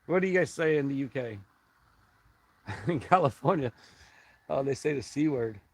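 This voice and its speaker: A middle-aged man hosting a casual live stream, rambling and halting as he reads viewer comments aloud and chats back. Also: mid-range voice, animated, breathy edge, dry recording, poor audio.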